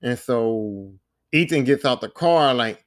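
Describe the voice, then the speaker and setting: A man's voice: mid-range voice, expressive, slow pace. A man hosting a podcast, retelling a video game's story in a rambling, slangy way with plenty of swearing. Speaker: podcast host. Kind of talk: casual game recap.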